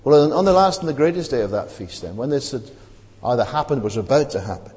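A middle-aged male preacher giving a chatty sermon, with a pitch that rises and falls widely as he goes. He often tags his points with "isn't it?" His voice rings with a long reverb through the chapel. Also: expressive, fast talker, a little mellow. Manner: conversational, keeps asking "isn't it?".

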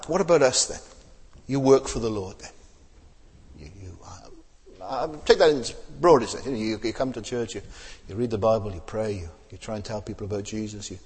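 Man preacher, lively rhetorical sermon delivery, slightly husky, church hall reverb. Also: medium pitch. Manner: conversational, asks rhetorical questions, repeats words.

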